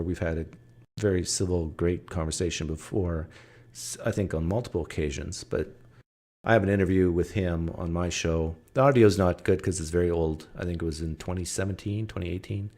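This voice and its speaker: A man's voice: low voice, steady tone, brisk, a little mellow. A man hosting a podcast, talking casually and making sarcastic, wisecracking remarks. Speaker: podcast host. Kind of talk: casual mocking commentary.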